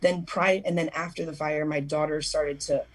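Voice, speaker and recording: Husky-voiced woman telling a rambling story. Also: low voice, fairly even intonation, moderate pace. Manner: rambling, emotional storytelling with many restarts and fillers. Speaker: guest. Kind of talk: call-in radio interview, personal account.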